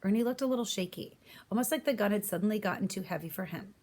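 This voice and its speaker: A woman reads a children's novel aloud in an even storybook manner. Her voice sits at a middle pitch, and she shifts it for each character's lines. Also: fast. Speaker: audiobook reader. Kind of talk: storybook narration.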